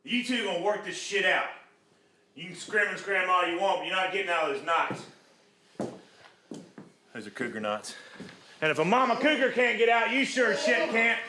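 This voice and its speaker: A man's voice: high voice, animated, moderate pace, long pauses, pushed and bright, echoey room, slight background noise. A man playing a brash, bossy eccentric. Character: bossy eccentric man with odd self-help methods.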